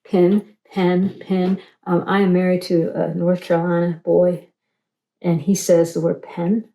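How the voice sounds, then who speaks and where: A middle-aged woman talks through a quilting tutorial as she sews. Her voice sits low and mellow, and she wanders into rambling, self-deprecating asides. The room around her is echoey. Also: flat delivery, normal speed, vocal fry. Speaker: quilting instructor. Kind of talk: casual tutorial chat while sewing.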